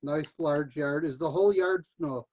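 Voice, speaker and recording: A woman's voice: low voice, normal speed, darkish tone, lo-fi sound. A woman on a video call as a prospective buyer, asking practical questions with a dry joking manner.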